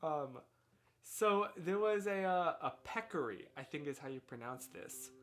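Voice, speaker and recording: A man's voice: a little high, lively intonation, measured pace, fairly bright tone. An American man streaming live, chatting casually and thinking aloud in a rambling, self-deprecating way. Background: faint lo-fi music.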